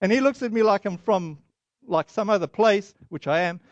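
A man with a high voice preaching a sermon, moving between Bible verses, a lively story and quiet prayer. He talks in an animated way and acts out the voices he quotes. The sound is dry and slightly dull, with no room echo. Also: moderate pace. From Boston area.

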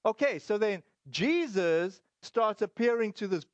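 A man preaching a sermon in a conversational way, reading scripture and pausing often with fillers and restarts. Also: high-pitched, animated, dry recording, muffled recording. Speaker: pastor.

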